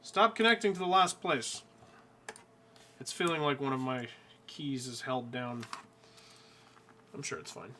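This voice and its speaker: A man live-streaming as he draws a coloring page, quietly talking himself through the work with joking asides. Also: medium pitch, a little slow, pauses often, slight background noise. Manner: mumbles quietly to himself while working, jokey asides. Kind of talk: casual live-stream chat while drawing.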